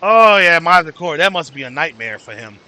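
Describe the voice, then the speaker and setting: A man's voice: on the high side, animated, fairly quick, sharp tone. A man hosting a casual livestream, ranting and chatting with viewers by name, cursing freely. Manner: swearing freely. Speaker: livestream host.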